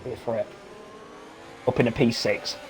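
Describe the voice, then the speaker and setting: A man commentating a live sim race, excitable and quick to swear when frustrated. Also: mid-range voice, a little hiss or hum.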